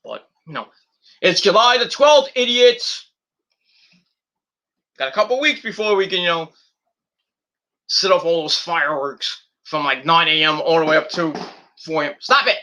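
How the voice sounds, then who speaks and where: A man's voice: fairly high pitch, normal speed, pauses often, pushed and bright. A man hosting a podcast in a casual, rambling monologue, blunt and profane, full of fillers, talking from home at night. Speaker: podcast host.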